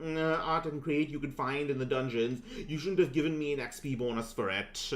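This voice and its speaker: A man from California casually commenting on his gameplay, rambling and halting with many fillers and restarts. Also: mid-range voice. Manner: reads game dialogue in hammy theatrical voices. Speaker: gameplay streamer. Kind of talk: casual let's-play commentary.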